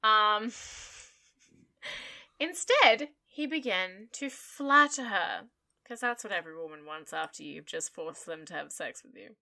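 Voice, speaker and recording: A woman's voice: medium pitch, expressive, slow pace, gravelly, sharp tone. A woman from Australia with an Australian accent, co-hosting a casual podcast and telling stories in a blunt, sweary, sarcastic way. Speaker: podcast co-host. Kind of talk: casual chat, storytelling.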